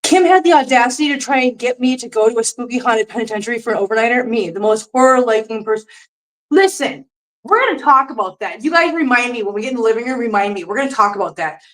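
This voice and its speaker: A woman with a somewhat high voice chats casually through a livestream while cleaning up at home. She drifts between chatter for her viewers and cooing baby talk to her cats. She sounds a little distant from the mic. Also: expressive, fast talker, a bit bright. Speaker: cat channel host. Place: home, doing chores. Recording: voice from far off the mic.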